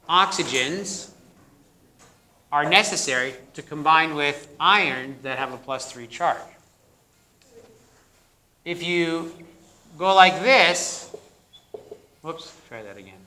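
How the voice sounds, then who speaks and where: Bright-voiced man lecturing a class. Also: fairly high pitch. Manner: questions the class and echoes their answers; jokey, plays up corny jokes. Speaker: university biochemistry lecturer. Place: lecture hall.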